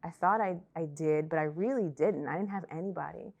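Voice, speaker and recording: A young woman telling her personal faith testimony, emotional and halting, often repeating herself and trailing off. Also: fairly low pitch, gravelly, darkish tone, muffled recording. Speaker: testimony speaker.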